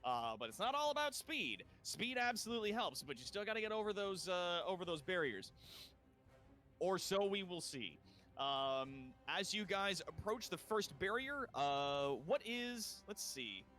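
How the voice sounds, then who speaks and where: Lively man narrating as game master. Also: sits high, a little slow, soft background music. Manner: loose, chatty narration with many fillers.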